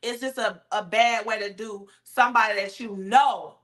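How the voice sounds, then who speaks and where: A woman's voice: fairly high pitch, fairly even intonation, moderate pace, fairly bright tone. A woman co-hosting a talk show, blunt and outspoken in her comments.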